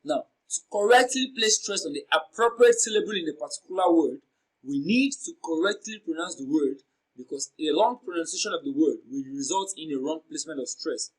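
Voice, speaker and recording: A man from Nigeria teaching an exam prep lesson, reading out options and slowly repeating words to show their sounds and stress. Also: fairly high pitch, animated, poor audio. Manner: slow, deliberate, repeats words for pronunciation drills.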